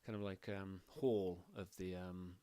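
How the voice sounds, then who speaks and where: A man's voice: low voice, steady tone, measured pace, dark tone, dry recording. A man narrating as game master, rambling with many fillers.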